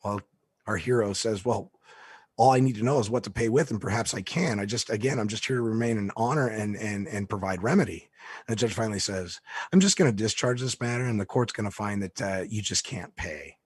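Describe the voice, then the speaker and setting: A man's voice: on the low side, fairly quick, husky, no room sound. A man telling a story in a casual way, acting out the people he quotes as he goes. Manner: lively storyteller who acts out the people he quotes. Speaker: speaker recounting a court story.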